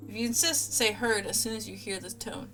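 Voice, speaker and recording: A woman's voice: medium pitch, fairly even intonation, pushed and bright, soft background music. Woman voicing a chipper lab AI assistant. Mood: chipper clinical. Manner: chipper, clinical, briskly upbeat. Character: cheerful female lab AI assistant.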